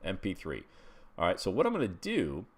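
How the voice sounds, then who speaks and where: Deep-voiced man teaching a webinar. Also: wildly swooping pitch, fairly quick, breathy edge. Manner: chatty, walks listeners through steps with frequent "okay?". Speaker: webinar instructor. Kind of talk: screen-share tutorial.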